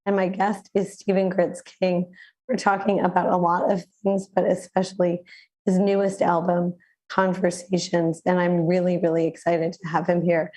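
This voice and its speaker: A woman hosting a community radio interview, hoarse and raspy from the flu, chatting in a relaxed way with many fillers over a video call. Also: on the low side, moderate pace. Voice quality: raspy, smoky. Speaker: radio show host.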